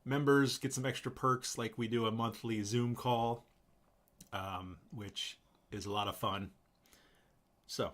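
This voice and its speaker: A male host chatting on a live stream in a relaxed, easygoing way. His voice sits at an ordinary middle pitch, and he laughs often as he talks. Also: a little slow, pauses often. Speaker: channel host. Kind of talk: casual live-stream chat.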